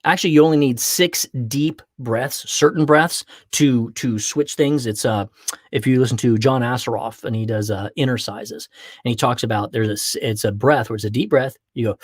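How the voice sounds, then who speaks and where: A man hosting a podcast, giving an animated motivational talk and slipping into acted voices for quick examples. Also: medium pitch, dry recording, studio quality. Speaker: podcast host.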